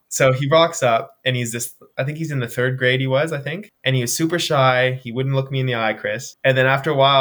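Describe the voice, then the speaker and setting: Animated young man telling stories. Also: medium pitch, fast talker, hardly any pauses. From Nova Scotia. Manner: animated storytelling, frequent fillers. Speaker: guest, charity runner. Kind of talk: casual interview chat. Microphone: remote video call.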